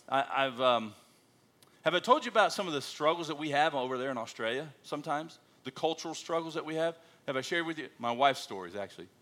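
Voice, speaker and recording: A man, a missionary pastor telling folksy, humorous stories in a sermon at church. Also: mid-range voice. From United States. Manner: animated, folksy storytelling with self-deprecating humor.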